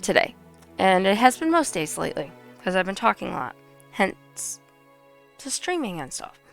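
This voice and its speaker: A woman streamer with a hoarse voice, chatting casually and giggling while playing a game. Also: mid-range voice, big pitch swings, moderate pace, faint music behind. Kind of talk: casual gameplay commentary.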